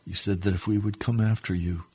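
A man's voice: on the low side, fairly even intonation, a little fast, mellow, slightly rough. A man preaching on a radio broadcast, leading a fervent, pleading prayer that swells and drops. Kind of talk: sermon prayer.

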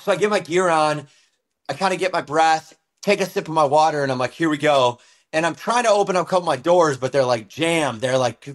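A man who used to snowboard professionally tells a story in a loose, animated way, full of fillers like "like" and "dude.". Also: fairly high pitch. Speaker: guest, former pro snowboarder. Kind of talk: casual storytelling in an interview.

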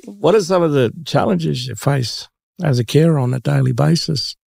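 An Australian man with a gravelly, dark voice hosts a relaxed chat. He tells his stories with animation and laughs often. The recording is dry and close. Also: on the high side, normal speed, no echo. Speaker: host. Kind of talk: casual conversational interview.

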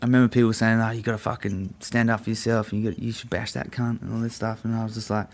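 A young man tells a story in a loose, rambling way, swearing often and leaning on fillers. His voice sits a little low and has a gravelly, crackly edge. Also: little pitch movement, rapid-fire. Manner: profane, rambling, full of fillers. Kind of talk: casual storytelling.

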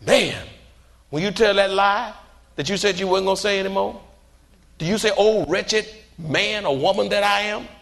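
A man preaching a sermon as pastor, in a fiery style that jabs at listeners with repeated rhetorical "huh?" and sudden shouts. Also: high-pitched, normal speed, creaky. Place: church sanctuary. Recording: long reverb in a large hall.

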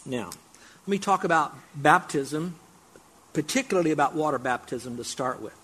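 Pastor guy preaching, kinda husky, a bit high for a man, gets loud and jokey sometimes. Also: moderate pace. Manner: emphatic preaching, mocking asides in a raised voice. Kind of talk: sermon.

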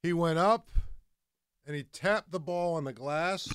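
Smooth-voiced man telling sports stories. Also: fairly high pitch, measured pace, no echo, clean studio sound. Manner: animated storyteller, excitable. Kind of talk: casual sports talk.

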